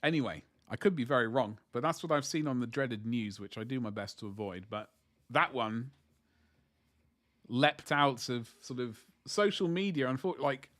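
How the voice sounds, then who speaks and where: A man's voice: mid-range voice, normal speed, a bit bright. A man chatting casually to viewers on a livestream as he paints miniatures, rambling and joking in asides.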